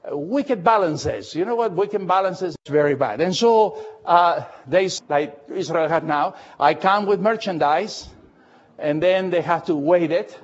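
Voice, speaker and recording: A man preaching a Bible study, lively and emphatic, full of fillers and questions to his listeners. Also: high voice, unhurried, muffled recording. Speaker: pastor. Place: church, recorded for radio.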